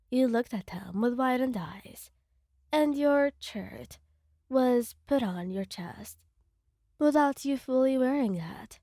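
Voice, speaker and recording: Woman narrator for a fan story, slow, mellow and fairly high, dry close sound. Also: animated, dry recording. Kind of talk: reading a fan fiction story.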